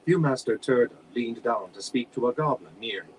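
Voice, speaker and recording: A man reading a fantasy novel aloud at a steady, plain pace. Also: mid-range voice, moderate pace, slight background noise, rough recording. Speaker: audiobook reader.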